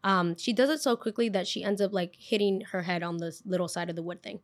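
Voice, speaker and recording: Animated young woman telling a story. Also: medium pitch, quick pace. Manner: animated, acts out quotes, lots of "like". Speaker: podcast host. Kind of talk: casual storytelling.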